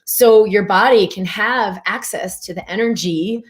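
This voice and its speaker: A woman's voice: mid-range voice, a little slow. A middle-aged woman, a physician, hosting a live wellness stream. She talks in an upbeat, friendly way and greets viewers by name. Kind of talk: live-stream talk reading viewer comments.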